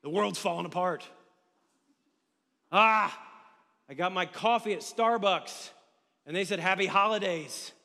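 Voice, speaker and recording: Male pastor, very high voice, lively chatty preaching, long hall reverb. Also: measured pace, vocal fry, pauses often. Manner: energetic conversational preaching with humor. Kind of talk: sermon.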